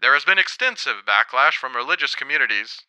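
A man's voice: mid-range voice, lively intonation, fairly quick, sharp tone, clear, resonant tone, no echo, low-quality recording. A man voicing a TV news reporter in a formal, polished newscast delivery, reading a story.

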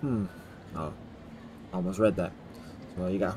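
A man's voice: low voice, steady tone, measured pace, darkish tone, slight background noise. A man playing a horror game, reading its text and dialogue aloud with wry asides as a YouTuber. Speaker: gaming YouTuber.

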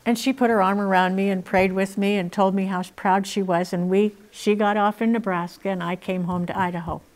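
A woman's voice: medium pitch, fairly even intonation, brisk. A woman in her sixties telling her personal testimony in an earnest, emotional way. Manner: earnest, emotional, laughs between lines. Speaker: speaker sharing her testimony.

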